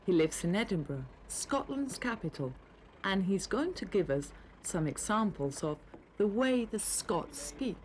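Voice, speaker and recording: Expressive female lesson narrator. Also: mid-range voice, a little slow, slight background noise. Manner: clear, teacherly. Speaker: programme narrator. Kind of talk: scripted narration.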